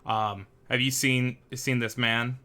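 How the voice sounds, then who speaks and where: A man's voice: medium pitch, little pitch movement, takes it slowly, sharp tone. A man voicing a polite male train police officer, formal and apologetic.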